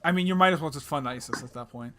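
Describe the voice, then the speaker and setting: Young male podcast co-host, crisp bright tone, slightly high, loose and profane banter. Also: fast talker, soft background music. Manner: jokey, loose, swears and puts on silly voices. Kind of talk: casual chat.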